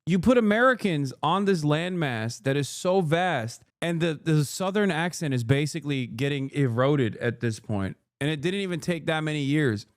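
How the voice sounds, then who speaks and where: Loud, incredulous man on a dry mic. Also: on the high side, expressive, moderate pace, hardly any pauses, no echo. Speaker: streamer reacting to a video. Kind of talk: casual live commentary.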